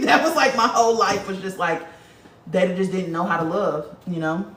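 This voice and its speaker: A woman's voice: mid-range voice, normal speed. Blunt, profane woman in a roomy space. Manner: blunt, profane, animated talker. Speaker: livestream host reading viewer comments. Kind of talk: casual spiritual livestream chat. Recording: roomy, distant from the mic.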